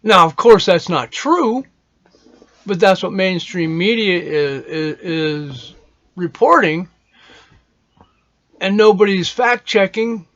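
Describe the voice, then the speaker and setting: A man speaks in a fairly high voice, rambling and opinionated, swearing freely as he talks. His sentences trail off and restart, like a loose unscripted monologue. The recording sounds dull and lo-fi. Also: expressive, slow pace, pauses often, a bit bright. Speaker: podcast host.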